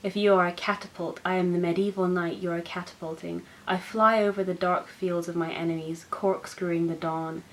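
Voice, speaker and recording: Expressive young woman reading poems. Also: fairly low pitch, a little fast, hardly any pauses, low-quality recording. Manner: expressive, self-mocking. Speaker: book channel host. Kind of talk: poetry reading.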